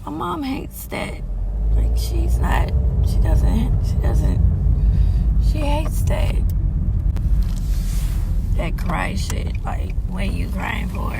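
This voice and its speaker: A middle-aged woman vlogging in a parked car, talking haltingly on the verge of tears, trailing off softly. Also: medium pitch, wildly swooping pitch, creaky, heavy background noise. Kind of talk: emotional personal storytime.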